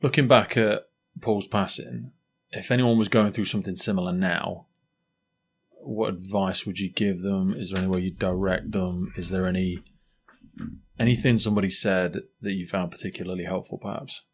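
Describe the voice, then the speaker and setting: A man hosting a podcast interview, asking measured, soft-spoken questions. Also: sits low, steady tone, husky. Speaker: podcast host.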